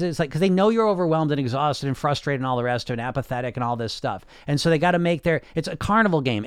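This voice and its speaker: Male podcast coach, blunt and sarcastic, swears freely, slightly high voice, dry sound. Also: smooth, no echo. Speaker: weight loss coach and podcast host. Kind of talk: casual podcast monologue.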